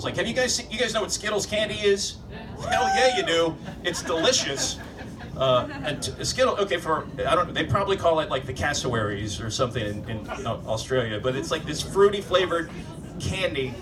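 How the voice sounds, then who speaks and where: A man doing stand-up in a live club, his sardonic, profane rant heard from some way off the mic. His voice sits a little high for a man, and room noise stays clearly audible under his jokes. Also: sing-song, a little fast, distant mic. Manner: sardonic, profane ranting with rhetorical questions to the crowd. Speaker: stand-up comedian. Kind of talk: stand-up comedy set. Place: live comedy club stage.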